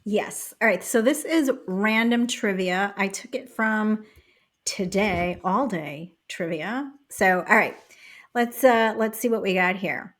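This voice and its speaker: Relaxed middle-aged woman reading trivia. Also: medium pitch. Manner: relaxed, chuckling, reads questions slowly. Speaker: podcast co-host, trivia reader. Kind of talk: casual podcast chat.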